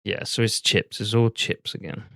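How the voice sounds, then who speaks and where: A man's voice: on the low side, fairly even intonation, moderate pace, vocal fry, fairly bright tone, dry recording, clean studio sound. A man, casually reacting to a stock video and bluntly swearing at his computer.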